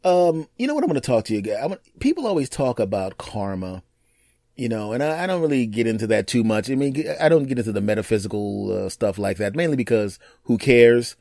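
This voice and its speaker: Man, podcast host, animated storyteller, dry close mic. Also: medium pitch, no echo. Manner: animated, acts out other people's lines in quick put-on voices. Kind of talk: casual storytelling monologue.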